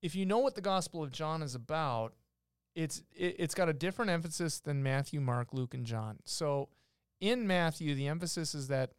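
A man talks through a Bible passage for his podcast co-hosts, reading verses aloud and pausing to explain them. His voice is smooth and a bit higher than most men's. The room sounds dry and close. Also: expressive, dry recording. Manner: explains patiently, reads verses aloud, many restarts. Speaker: podcast co-host teaching scripture. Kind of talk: casual explanatory Bible talk.

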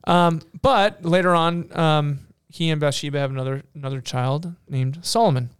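Smooth-voiced man retelling Bible stories. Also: a little high, normal speed, no room sound, studio quality. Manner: animated, frequent fillers and restarts, playful asides.

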